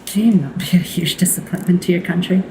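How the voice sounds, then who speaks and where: A woman's voice: on the low side, fast, darkish tone, soft background music, low-quality recording. A woman in casual banter while streaming, sarcastic and teasing, swearing freely.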